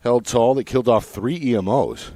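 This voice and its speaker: A man calling a lacrosse game from the broadcast booth, recapping scores and plays in a brisk, measured manner. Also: mid-range voice, mellow, no room sound. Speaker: play-by-play announcer. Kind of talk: sports play-by-play commentary. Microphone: broadcast booth mic.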